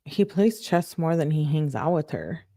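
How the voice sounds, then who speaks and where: A woman's voice: low-pitched, sing-song, normal speed, vocal fry, mellow, no room sound, studio quality. A woman reading out a couple's text messages one by one, adding exasperated comments of her own between them. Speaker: true-crime commentator.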